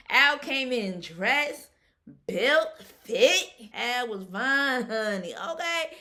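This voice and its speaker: A woman giving a casual, animated recap of a reality show episode, chatting colloquially and laughing often. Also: on the high side, extremely slow.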